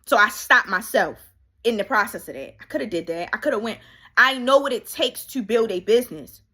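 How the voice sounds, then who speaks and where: Woman life coach with a sharp, bright voice and a candid, faith-driven coaching delivery. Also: on the high side, lively intonation, a little fast, slightly rough. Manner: casual, emphatic, repeats key phrases for effect. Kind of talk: candid motivational monologue.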